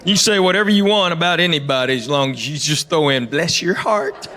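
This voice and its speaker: A man's voice: a little high, lively intonation, fast, noisy background. Drawling man doing stand-up. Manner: drawling storyteller, playful mimicry of locals. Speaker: stand-up comedian. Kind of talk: stand-up comedy set. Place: live comedy venue. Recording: live venue with audible ambience.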